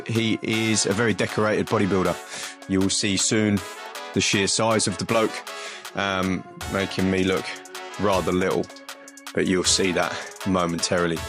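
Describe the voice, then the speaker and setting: A man hosting a podcast, talking in an upbeat, slangy, laid-back way. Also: on the low side. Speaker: podcast host. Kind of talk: casual podcast chat.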